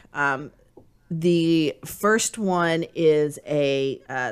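A woman co-hosting a podcast, talking in a chatty, playful way with animated asides. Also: sits low. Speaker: podcast co-host. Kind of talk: casual podcast chat.

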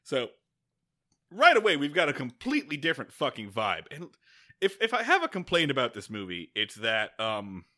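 A man co-hosting a podcast, recapping a film in casual, excitable chat, swearing freely. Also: mid-range voice, normal speed. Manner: excitable, swearing, animated retelling with acted-out quotes. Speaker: podcast co-host. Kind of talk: casual movie-review chat.

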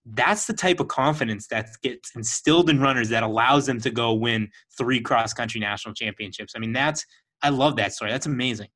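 A man hosting a casual interview, enthusiastic and quick to praise his guest. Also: mid-range voice, fairly bright tone. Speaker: podcast host.

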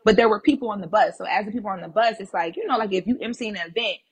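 A woman guest on a podcast, telling a personal story in a casual, animated and blunt way, swearing freely. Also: medium pitch, very fast, husky.

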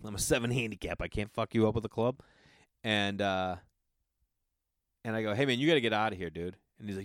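A man's voice: fairly low pitch, brisk, pauses often, no echo, studio quality. Profane, storytelling man podcast host. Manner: loose, profane, animated storytelling with acted-out quotes. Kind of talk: casual storytelling monologue.

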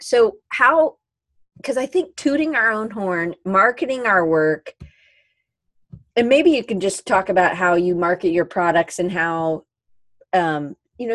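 A woman's voice: medium pitch, dry recording. A woman hosting a casual podcast interview, chatty, reading out listener comments and laughing easily. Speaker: podcast host.

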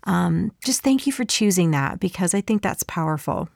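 A woman's voice: lowish voice, lively intonation, normal speed, gravelly. A woman hosting a faith podcast, responding to her guest in an affirming way. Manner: warm, affirming interviewer. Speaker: podcast host. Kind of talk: interview conversation.

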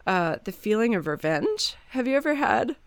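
A woman's voice: a little high, normal speed, dry recording. A woman, a mother in her thirties, chatting casually and acting out quoted lines as she tells stories. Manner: animated storyteller, acts out quotes. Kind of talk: casual chat.

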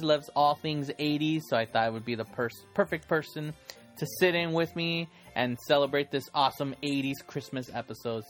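A man's voice: fairly high pitch, a bit bright. A man hosting a casual podcast, talking in a chatty, rambling way and laughing often. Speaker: podcast host.

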